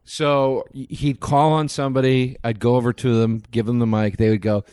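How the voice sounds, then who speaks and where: A man spinning a backstage anecdote in relaxed chat, slipping into the voices of the people in it. His voice sits at an ordinary pitch, and the sound is close and dry. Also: normal speed, few pauses, clean tone, no room sound. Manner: storytelling, acts out voices. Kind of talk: casual chat.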